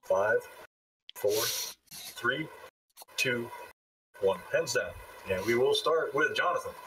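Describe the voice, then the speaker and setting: A man's voice: medium pitch, animated, slow pace, distant mic, noisy background. A man hosting a movie trivia contest, reading questions, counting down and making wry asides. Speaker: trivia game host.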